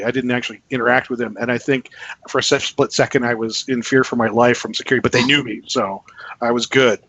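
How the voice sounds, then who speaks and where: A man, a guest author, telling an animated anecdote in casual podcast chat, acting out the people in his story. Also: medium pitch, brisk. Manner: animated storyteller, acts out quotes. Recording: muffled lo-fi podcast audio.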